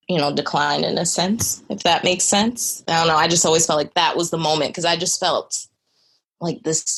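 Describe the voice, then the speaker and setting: A young woman who is a podcast guest, telling a personal story in a candid, earnest way with lots of conversational fillers. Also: sits low.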